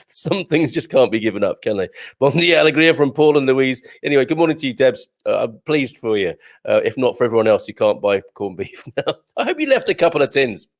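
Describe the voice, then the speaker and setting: A man hosting a live morning show, chatting casually and greeting viewers by name as he reads their comments, with plenty of ums and uhs. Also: medium pitch. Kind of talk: live-stream chat, reading viewer comments.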